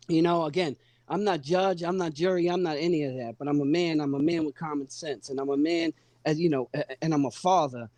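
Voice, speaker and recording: A man's voice: a little high, steady tone, brisk, a little mellow, no echo. A man conducting an interview, emphatic and repetitive, with frequent affirmations.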